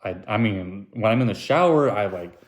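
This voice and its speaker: A young man rambles through a casual solo podcast monologue in a slightly low, animated voice at a moderate pace, drifting from one thought to the next. He mocks himself, walks back his own jokes, and puts on goofy high-pitched voices whenever he quotes someone.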